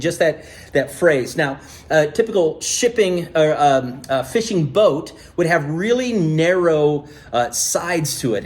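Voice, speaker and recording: Pastor guy preaching, lively storytelling, kinda high voice. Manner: animated storytelling, conversational. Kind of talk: sermon.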